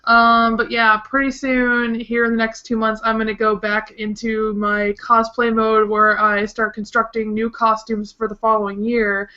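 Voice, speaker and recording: A fairly high, bright-voiced woman talking eagerly in a loose, filler-heavy way. She comes through dull, lo-fi call audio. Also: level tone, normal speed, few pauses. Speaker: vlogger guest. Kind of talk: casual chat.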